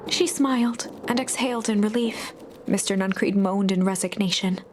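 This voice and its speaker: A woman narrating a video game in a soft, even storytelling voice, sometimes dropping to a whisper. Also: medium pitch, normal speed, a little hiss or hum, lightly acted.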